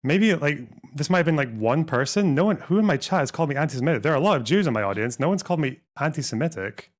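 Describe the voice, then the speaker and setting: A man's voice: a little high, animated, fast. A man streaming and reacting to a clip, combative, profane and sarcastic. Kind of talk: live stream reaction commentary.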